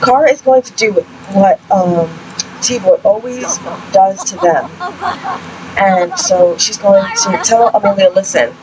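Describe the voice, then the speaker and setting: A young woman giving chatty, excitable let's-play commentary, exclaiming often as she narrates the story. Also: mid-range voice, takes it slowly, a crowd in the background, rough recording. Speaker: gaming channel host. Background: game music.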